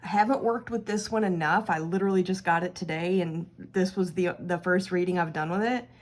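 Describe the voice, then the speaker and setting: A woman's voice: lowish voice, fairly quick. A woman hosting her own tarot channel, chatting casually and laughing as she talks through a card reading.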